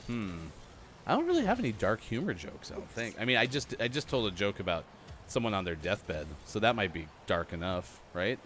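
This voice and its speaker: Lively deep-voiced male show host. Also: fairly quick, slight background noise. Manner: chatty, laughs at his own jokes. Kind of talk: casual live-stream chat.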